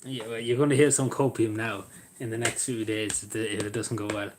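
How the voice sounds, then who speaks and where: A man chatting casually on a live stream, rambling and joking, his voice often trailing off quietly at the ends of sentences. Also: lowish voice, little pitch movement, a little fast, slight background noise.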